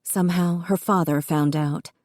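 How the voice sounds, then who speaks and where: A woman reading an audiobook in steady, expressive narration. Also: fairly low pitch, normal speed, no room sound, clean studio sound.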